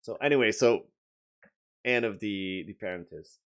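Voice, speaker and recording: A man's voice: fairly low pitch, normal speed, clear, resonant tone. A man with a French accent, a game designer giving a casual update video, talking hesitantly with many fillers and restarts.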